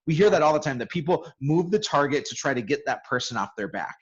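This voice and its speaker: A man's voice: on the high side, animated, slightly rough. Man coaching with dull lo-fi audio. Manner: quick, repeats words when starting. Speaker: real estate coach co-hosting a webinar. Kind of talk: casual webinar chat.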